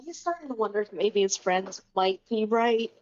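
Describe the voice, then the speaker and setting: A woman's voice: medium pitch, animated, normal speed, dull audio, slight background noise. A woman playing a tabletop game, chatting through her character's thoughts. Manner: thinking aloud, chatty. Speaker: player.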